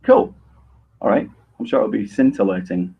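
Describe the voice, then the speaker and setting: A man arguing on a video call in a sarcastic, measured, defensive way. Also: fairly low pitch, vocal fry, breathy edge, lo-fi sound. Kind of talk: heated online argument.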